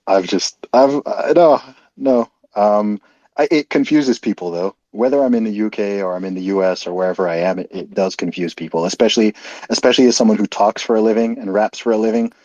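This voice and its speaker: A man with an American accent, talking as an interview guest in a relaxed, laughing way. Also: on the low side, normal speed, dry recording. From Saudi Arabia. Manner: relaxed, laughs easily, fillers. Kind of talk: casual conversation. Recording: muffled lo-fi audio.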